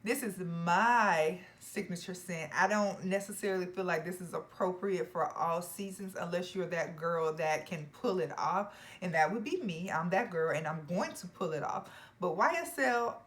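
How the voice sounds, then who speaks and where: A young woman talks straight to camera about fragrances in an emphatic, playful way. Her voice sits a little low for a woman, and she now and then drops into hushed, whispered asides. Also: normal speed. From Georgia, US. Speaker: fragrance reviewer. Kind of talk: casual chat to camera.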